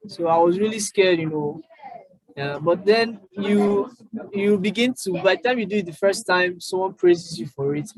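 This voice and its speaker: High-voiced young Nigerian man. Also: no echo, low-quality recording. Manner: storytelling, halting with many fillers and restarts. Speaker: guest. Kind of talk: casual interview chat.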